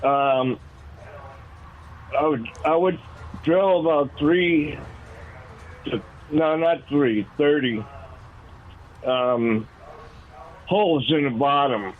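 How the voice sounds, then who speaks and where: Slow-talking male caller, rambling, over a thin phone line. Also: on the high side, a little hiss or hum. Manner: unhurried, rambling, self-correcting. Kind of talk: call-in radio chat.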